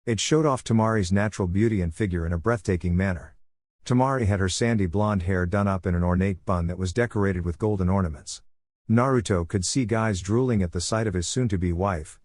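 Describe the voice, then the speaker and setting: A man narrates a fan fiction story in an even, steady reading voice. His pitch sits on the low side, and the sound is dry and close with no room echo.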